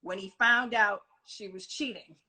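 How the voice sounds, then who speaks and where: A woman's voice: medium pitch, measured pace, bright, forceful tone. A woman hosting a casual live video chat interview, reading out trivia questions and laughing along. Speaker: interview host. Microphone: phone or laptop on a live video call.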